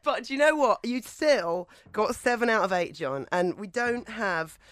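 A man hosting a radio interview, asking quiz questions in a brisk quizmaster manner. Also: high voice, animated, fairly bright tone. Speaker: radio show host.

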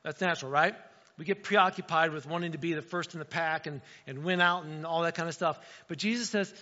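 A male pastor preaches a sermon in a bright, forceful voice, pitched a little above most men's. He keeps it conversational and keeps checking in with "right?" The sound is dull and lo-fi, with a long reverb from the hall around him. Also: a little fast. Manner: conversational, frequent "right?" asides.

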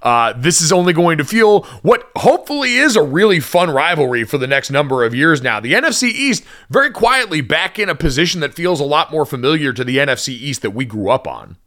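A man co-hosting a sports podcast in casual chat, animated and playfully teasing. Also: fairly high pitch, fairly quick, hardly any pauses. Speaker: podcast co-host.

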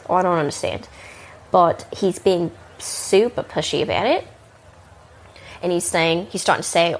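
A woman's voice: on the low side, lively intonation, moderate pace, vocal fry, breathy edge. A woman with a mixed Kiwi and Northern Californian accent telling a casual, crude, rambling bar story full of fillers. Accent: Kiwi and Northern Californian mix. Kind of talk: casual spoken anecdote.

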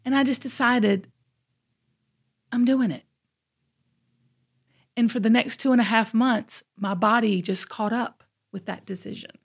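Lively middle-aged woman telling a story. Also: fairly high pitch, moderate pace, vocal fry, hardly any pauses. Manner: animated, dramatic storyteller. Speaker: podcast co-host. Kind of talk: casual podcast storytelling.

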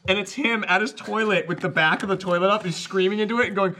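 A man's voice: sits high, fast talker, bright, forceful tone, a little hiss or hum. A man co-hosting a casual podcast, telling a funny anecdote and laughing along. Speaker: podcast co-host. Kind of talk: casual chat.

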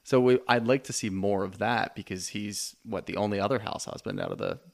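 A man co-hosting a podcast in casual chat, animated and swearing freely, often acting out what others said. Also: lowish voice, fairly quick, gravelly. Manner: animated, acts out quoted lines. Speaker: podcast co-host.

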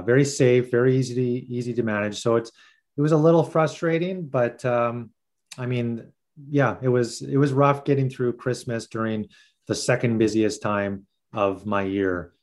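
Low-voiced man, halting guest talk. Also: darkish tone. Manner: halting, many fillers, earnest. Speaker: photographer guest. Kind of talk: casual video call chat. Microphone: video call.

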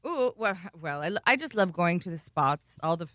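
A woman's voice: on the low side, very animated, moderate pace, fairly bright tone, no echo. A woman singer appearing as a guest on a radio chat, giggly and laid-back. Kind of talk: casual interview chat.

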